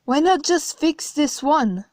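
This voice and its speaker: A woman's voice: high voice, expressive, slow pace, darkish tone, no echo, studio quality, voice pushed up. A woman reading a horror story, voicing a young man who asks urgent, confused questions. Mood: pleading.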